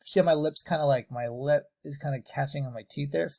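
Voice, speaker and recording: A man teaching animation lip sync, slowly and deliberately sounding out letters and words with exaggerated mouth shapes. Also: a little high, creaky, a little mellow. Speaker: animation tutor. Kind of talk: tutorial, demonstrating mouth shapes on camera.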